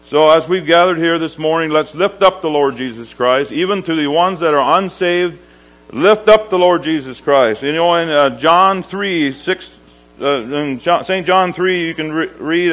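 A man giving a storytelling sermon in a livestock auction barn. He speaks in a halting, homespun way, pausing often and slowing down to give his words weight. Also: fairly high pitch, a bit bright, poor audio. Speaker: lay preacher.

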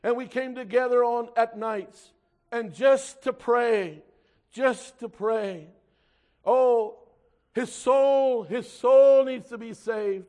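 A fervent male preacher with a high voice delivers a sermon to his congregation. He swells loud and slow on the points he stresses, then drops low and quiet to read scripture in old-fashioned wording.

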